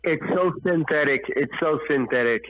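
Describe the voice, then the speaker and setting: A man's voice: a little high, normal speed, dry recording. A man hosting a casual podcast, rambling through heated, profane opinions over a tinny phone-like line. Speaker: host.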